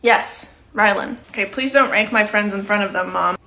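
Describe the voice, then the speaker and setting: A woman's voice: medium pitch, moderate pace, creaky, pushed and bright. A young woman performing short comedy sketches, playing every part herself with a dry, matter-of-fact delivery.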